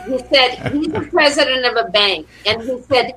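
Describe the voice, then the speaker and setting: A middle-aged woman with a crisp, bright and fairly high voice talks through upbeat stories as an interview guest. She acts out the lines of the people in her stories with warmth and humor. There is a faint hiss in the background of the recording. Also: lively intonation, moderate pace, low-quality recording. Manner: upbeat storyteller who acts out quotes. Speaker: motivational speaker, guest. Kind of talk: casual interview conversation.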